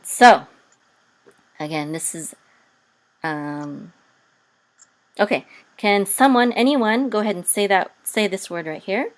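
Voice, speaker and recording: A woman teaching Hebrew reading over a video call, patient and hesitant with many pauses, now and then chanting words in a sung tone. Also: medium pitch, animated.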